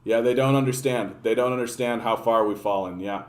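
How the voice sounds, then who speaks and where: A man's voice: mid-range voice, a little fast. A man giving a casual political rant as a streamer, sarcastic and profane, rambling with fillers and restarts. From Canada. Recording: echoey room.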